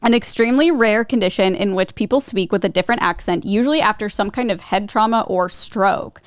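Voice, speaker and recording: A woman's voice: medium pitch, a little fast, clear, resonant tone, no echo, studio quality. A young woman co-hosting a podcast who chats casually, laughs often and says "like" a lot. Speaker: podcast co-host. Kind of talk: casual chat.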